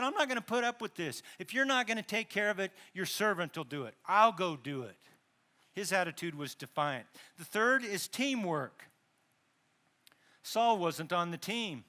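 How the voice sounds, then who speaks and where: A man's voice: sits high, bright, forceful tone. A male pastor preaching a sermon in a conversational way, with asides, self-corrections and dramatized quotes. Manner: dramatizes quotes with rising emphasis.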